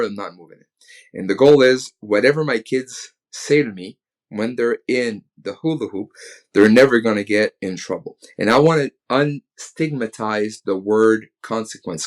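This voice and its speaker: A man in his thirties, a guest speaker on a podcast, telling a lively story, chuckling often and checking in with "right?". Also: fairly low pitch. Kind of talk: casual podcast talk.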